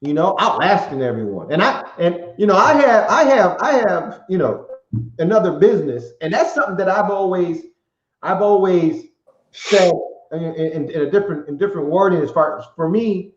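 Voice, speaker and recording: A man's voice: high voice, lively intonation, moderate pace, faint music behind. A man hosting a podcast, talking in a reflective, rambling way with many restarts, in casual chat. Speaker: podcast host. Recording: echoey, muffled live-stream audio.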